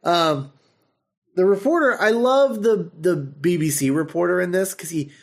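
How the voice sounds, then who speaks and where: Animated, laughing male podcast host. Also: sits high, moderate pace, creaky. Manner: animated, full of fillers, laughs often. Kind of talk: casual chat recapping an episode.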